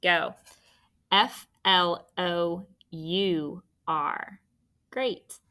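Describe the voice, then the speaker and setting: A woman's voice: lowish voice, very slow, sharp tone. A young woman teaching a spelling lesson by video, patient and encouraging, spelling words out letter by letter.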